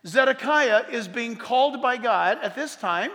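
Man, high voice, preacher, emphatic scripture reading, long hall reverb. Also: animated, measured pace. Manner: emphatic, rises loud when reading scripture, drops low for asides. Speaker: pastor. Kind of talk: sermon teaching on Bible prophecy.

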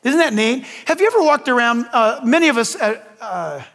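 A gravelly, slightly bright, unusually high-pitched older man preaches an animated sermon at a normal speed. As pastor, he puts questions to the congregation and drops homey asides between points, his voice ringing out with a long reverb in a large hall.

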